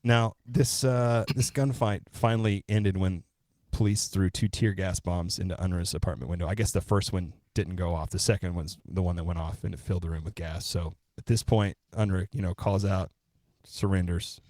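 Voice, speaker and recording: Very deep-voiced man telling a story. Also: normal speed, hardly any pauses, dry recording, clean studio sound. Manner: relaxed, profane, retells events step by step. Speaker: podcast co-host. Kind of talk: casual true-crime storytelling.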